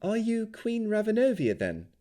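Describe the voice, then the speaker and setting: A man's voice: high voice, huge pitch swings, normal speed, dark tone, pitched above the performer's own voice. A man voicing an eager young elf woman in an audiobook, upbeat and friendly. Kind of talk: audiobook character voice.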